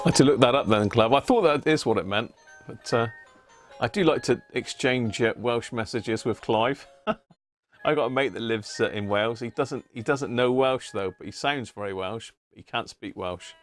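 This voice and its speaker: A man's voice: medium pitch, normal speed, soft background music. A man hosting a casual livestream, chatting, laughing often and greeting viewers by name. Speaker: livestream host. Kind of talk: casual live chat reading viewer messages.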